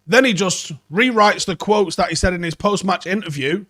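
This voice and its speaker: A man's voice: high-pitched, moderate pace, sharp tone, dry recording, clean studio sound. A young man hosting a football reaction channel, ranting sarcastically and swearing in exasperation.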